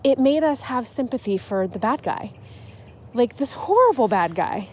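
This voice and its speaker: A woman's voice: fairly high pitch, lively intonation, moderate pace, slight background noise. A woman hosting a podcast about writing, talking casually and emotionally, often restarting her sentences. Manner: chatty and emotional, with frequent restarts. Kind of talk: casual solo podcast talk.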